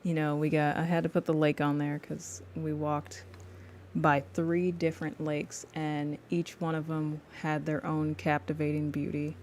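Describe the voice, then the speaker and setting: A woman's voice: sits low, flat delivery, a little slow, a little mellow, a little hiss or hum. A young woman chatting casually with her viewers while she draws live, laughing often and calling them y'all. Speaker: livestreaming artist.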